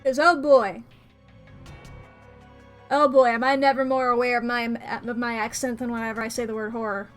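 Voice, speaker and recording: A woman's voice: a little high, level tone, moderate pace, long pauses, faint music behind. A woman with an American accent chatting playfully to viewers during a live-streamed game. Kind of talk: casual live-stream chat while gaming. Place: home room by a window.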